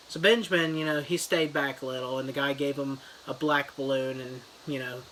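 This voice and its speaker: A man's voice: medium pitch, steady tone, fairly quick, hardly any pauses, fairly bright tone, a little hiss or hum, poor audio. Guy rambling thru a fake book review, loose and chatty, lots of um and you know. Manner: loose, filler-heavy storytelling. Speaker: comedy reviewer. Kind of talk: rambling mock book retelling.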